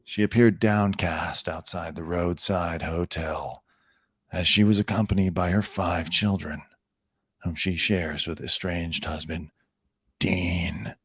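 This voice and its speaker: A man's voice: low-pitched, steady tone, takes it slowly, breathy edge, dry recording, studio quality. A man hosting an entertainment news show, reading headlines aloud and breaking off into sarcastic, rambling riffs. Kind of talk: casual news commentary.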